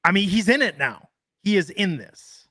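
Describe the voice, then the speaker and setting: A man co-hosting a casual podcast, his voice bright and a touch high. He rambles through jokes and swears freely, recorded close on a mic with a dry sound. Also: sing-song, moderate pace, no room sound. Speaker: podcast co-host. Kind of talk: casual wrestling podcast chat.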